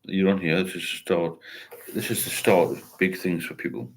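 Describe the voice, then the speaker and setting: Reading comments from viewers and encouraging them, an older man rambles casually on his sobriety livestream. His low voice moves at a moderate pace, with a little hiss or hum in the audio.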